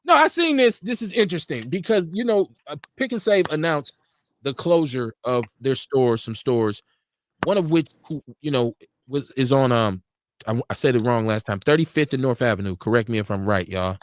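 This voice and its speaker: A man's voice: mid-range voice, moderate pace, a little hiss or hum. A man hosting a casual live radio talk show, telling stories with lots of laughter and acting out what people said. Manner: animated, laughing storyteller acting out quotes. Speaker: show host. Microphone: studio mic for a live stream.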